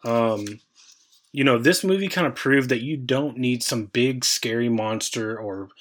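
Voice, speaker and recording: A man's voice: mid-range voice, unhurried. A man in his thirties co-hosting a podcast, talking loosely with lots of fillers and restarts. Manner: loose, rambling with many fillers. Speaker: podcast co-host. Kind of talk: casual chat.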